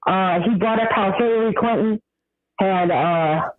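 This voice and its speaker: High-voiced male caller on a tinny phone line. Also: unhurried, no echo. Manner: rambling, hesitant with many fillers. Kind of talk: call-in comment.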